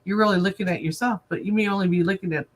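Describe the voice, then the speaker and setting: A woman in her sixties, an animal communicator guest on a livestream, telling stories in a lively way and acting out little dialogues. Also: mid-range voice, very fast. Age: 60s. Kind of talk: casual livestream interview. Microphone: video call.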